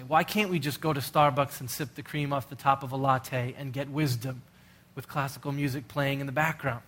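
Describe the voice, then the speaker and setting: A man's voice: mid-range voice, a bit bright. A middle-aged male pastor preaching a sermon in an earnest, urgent way, full of rhetorical questions.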